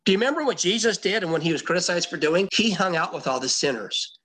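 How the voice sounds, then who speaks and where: A man with a slightly raised pitch and a husky, breathy edge teaches scripture. He talks in a conversational, emphatic way, reading verses aloud and then breaking them down for his listeners. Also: expressive, quick pace, pushed and bright, rough recording. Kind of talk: expository Bible teaching.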